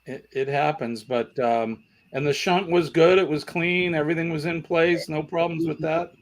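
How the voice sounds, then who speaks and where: Chatty host with a Boston accent. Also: male voice, a little high, steady tone, moderate pace. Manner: chatty, reads out viewer comments. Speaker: trivia show host. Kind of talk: casual livestream chat.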